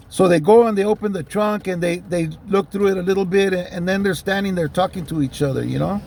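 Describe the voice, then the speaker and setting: A man recounts a story in a relaxed, unpolished way, dropping curse words and "you know" between thoughts. His voice has a rough, gravelly texture and sits a bit higher than most men's. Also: fairly quick, few pauses, slight background noise. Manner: loose and profane, many fillers like "you know". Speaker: storyteller recounting a police stop. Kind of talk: casual spoken storytelling.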